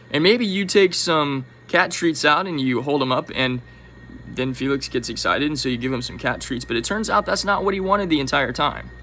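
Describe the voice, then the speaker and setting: Man, vlogger, animated musing delivery, bright tone, faint hiss behind. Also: a little high, normal speed, poor audio. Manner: animated, musing, with sudden soft drops. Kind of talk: musing monologue to camera.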